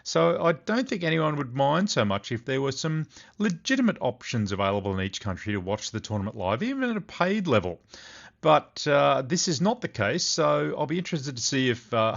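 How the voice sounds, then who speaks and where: A man's voice: mid-range voice, vocal fry, a bit bright, lo-fi sound. A man hosting a solo sports podcast, talking in a chatty way with wry asides. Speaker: podcast host.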